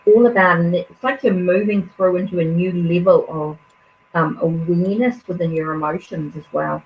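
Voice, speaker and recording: A woman hosts a live tarot reading and speaks in a low, unhurried voice. She muses aloud, trailing off and restarting often. The stream audio is dull and lo-fi, with a faint hiss underneath. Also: fairly even intonation. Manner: musing, hesitant, many fillers and restarts. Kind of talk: live card reading, casual.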